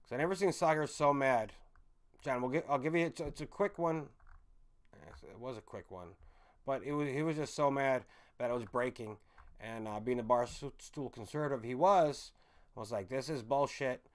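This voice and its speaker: A man's voice: mid-range voice, normal speed. A man chats loosely to a live audience, circling back and correcting himself as he goes. His talk is off-the-cuff and peppered with swearing, in a mid-range voice. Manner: rambling, swearing, self-correcting. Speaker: livestream host chatting with viewers. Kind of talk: casual live-chat rambling.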